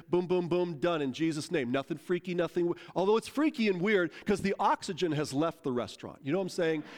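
A man preaching a sermon, telling a story in a lively, conversational way and acting out the quotes. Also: a little high. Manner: animated, conversational, acts out quotes. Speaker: pastor.

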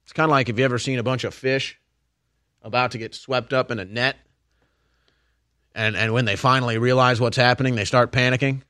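A man pours out a heated monologue as a commentary host, his tone bright and pushing. The sound is dry and close to the mic. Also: medium pitch, steady tone, a little fast, pauses often, smooth, no room sound. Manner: heated, ranting, addresses listeners as folks and man. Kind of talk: impassioned political monologue.

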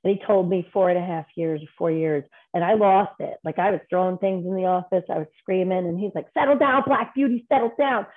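A woman guest on a podcast, telling personal stories in a candid, rambling way with quick restarts. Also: fairly low pitch, steady tone. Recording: tinny phone-like line.

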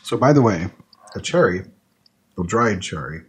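A man talks casually in a low, husky voice. He muses and thinks out loud, trailing off into fillers as he goes. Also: lively intonation, normal speed. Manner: chatty, thinks aloud with fillers while eating. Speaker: podcast host tasting snacks. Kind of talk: casual chat.

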